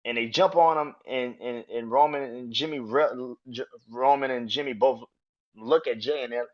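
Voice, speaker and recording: A man hosting a podcast, reviewing wrestling in excitable, profane casual chat and laughing often. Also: medium pitch, moderate pace, lo-fi sound. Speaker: podcast host.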